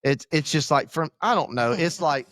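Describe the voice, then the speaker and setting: A man's voice: on the high side, moderate pace, fairly bright tone, dry recording, studio quality. A man, a pastor, talking candidly in a casual podcast conversation, rambling and joking about himself. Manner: candid, rambling, self-deprecating. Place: church podcast room.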